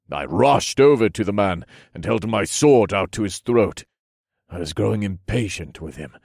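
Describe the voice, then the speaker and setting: A man narrating a first-person fantasy audiobook in a measured, steady storytelling manner. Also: fairly low pitch, creaky, slightly rough, no room sound, studio quality.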